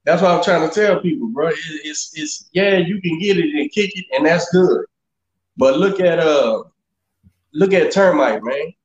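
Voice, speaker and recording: A man's voice: on the high side, moderate pace. A man co-hosting a podcast in casual chat, profane and laid-back, saying bro and man a lot. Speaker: podcast co-host. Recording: echoey, dull lo-fi sound.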